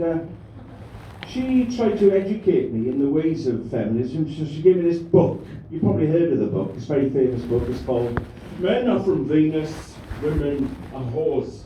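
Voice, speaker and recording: Bantering with the crowd, this comedian delivers a crude and rambling stand-up bit on a comedy club stage. His voice is on the high side with a warm tone, recorded from afar in an echoey room with a slight hiss or hum.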